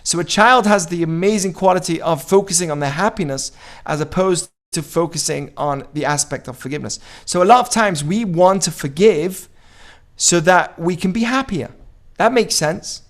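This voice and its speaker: Man, Jewish teacher, fairly high voice, informal class, asks listeners questions, acts out quotes. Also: normal speed. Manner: conversational, asks the audience questions.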